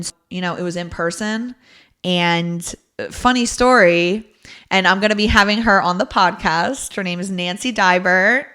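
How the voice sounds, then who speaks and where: A young woman from Delaware hosts her own podcast and tells a personal story in a relaxed, chatty way. She laughs often, and her voice jumps up high and loud when she acts out what she and others said. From Delaware, United States. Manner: animated, laughing, swings into loud excited quoting. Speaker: podcast host. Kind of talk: casual storytelling monologue.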